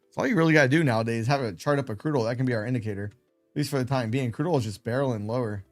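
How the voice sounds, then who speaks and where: A man's voice: medium pitch, racing, soft background music. A man hosting a late-night trading livestream, chatting casually and rambling in a self-deprecating way. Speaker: live trading stream host.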